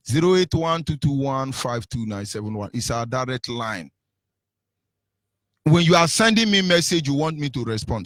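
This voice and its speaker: A man's voice: mid-range voice, dry recording. A man with a Nigerian accent hosting an online radio show, fiery and mocking as he reads out phone lines. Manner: fiery, mocking, gives phone numbers repeatedly. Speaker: radio host. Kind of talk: radio call-in talk.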